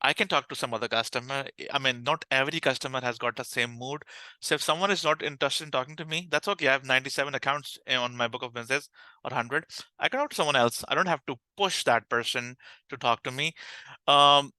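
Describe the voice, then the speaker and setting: A man with a Pakistani English accent talks about his work, full of energy, with plenty of restarts and fillers. His voice is very bright and smooth. The sound is dry and close, with no room echo. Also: medium pitch, quick pace. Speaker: customer success manager, podcast guest. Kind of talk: conversational interview answers.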